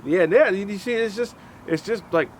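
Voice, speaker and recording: Animated man chatting outside in traffic. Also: high-pitched, normal speed, poor audio. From Alaska. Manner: animated, acts out quotes in funny voices. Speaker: co-host. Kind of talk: casual outdoor chat.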